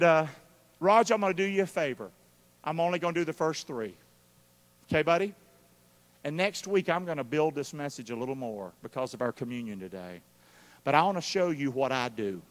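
A man preaching a live sermon, calling out for responses from the congregation and swinging between loud and hushed. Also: on the high side. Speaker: pastor. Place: church sanctuary during a live service. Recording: long hall reverb of a church.

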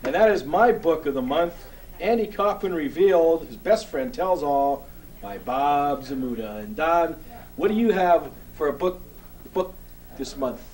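A man's voice: a little high, animated, measured pace, darkish tone, distant mic, a little hiss or hum. A man hosting a book segment in a comedy sketch, eager and showy as he reads aloud. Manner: eager, showy, exasperated with partner. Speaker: segment host.

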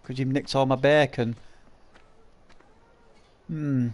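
A man's voice: mid-range voice, fairly even intonation, takes it slowly, a little mellow. A man commentating a live farming game stream, teasing viewers with crude, laughing banter. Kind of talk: live gameplay commentary, reading chat.

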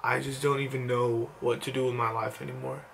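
A man's voice: mid-range voice, flat delivery, brisk, creaky, fairly bright tone, a little hiss or hum. A young man vlogging at home late at night, overwhelmed and teary with disbelief, just woken up. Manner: overwhelmed, emotional, breathless disbelief. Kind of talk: late-night excited selfie vlog.

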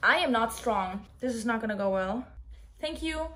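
A woman's voice: a little high, moderate pace, bright, forceful tone. A woman talking casually in a reading vlog, giving dramatic, exclaiming reactions as she reads. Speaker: book vlogger.

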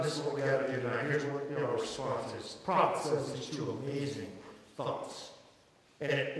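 A middle-aged man preaching a sermon as a pastor, telling stories dramatically and swinging from hushed passages to shouted peaks. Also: medium pitch, a little hiss or hum. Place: large church auditorium. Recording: echoey hall from far off with crowd.

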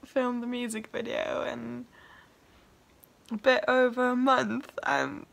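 A woman's voice: a little high, little pitch movement, slow pace, creaky, fairly bright tone. A young woman vlogging about her first song, tearful and laughing, overwhelmed with emotion. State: crying. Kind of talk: emotional personal vlog.

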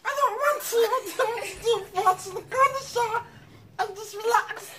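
A squeaky, sobbing Tiny Tim. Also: male voice, moderate pace. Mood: whiny. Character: whiny, weepy little Tiny Tim, grown man's squeak. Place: outdoor veranda. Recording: loud noise, voice far from mic.

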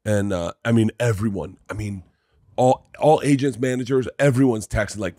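A man in his forties, a comedian guest, chatting casually and excitedly, swearing and laughing often. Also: fairly low pitch, fairly quick, dry recording, clean studio sound. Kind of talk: casual chat.

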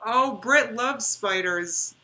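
A chatty woman in her thirties talks straight to her stream audience in a bright, forward voice. She leans on repeated words to make a point and keeps it loose and conversational. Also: on the high side, slow. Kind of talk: casual reaction livestream chat.

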